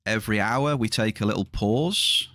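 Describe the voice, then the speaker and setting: A man's voice: fairly low pitch, normal speed, sharp tone, no echo. A middle-aged man chatting casually to viewers during a livestream, rambling, his voice slightly strained. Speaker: livestreaming gamer.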